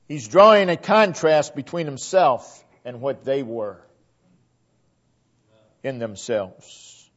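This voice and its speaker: A man preaching at a slow, unhurried pace, his voice swelling on key phrases and sinking to a near-hush as each line closes. His voice sits fairly high for a man. The recording is dull and lo-fi. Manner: dynamic preaching, swelling emphasis then dropping to hushed line endings. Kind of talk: sermon.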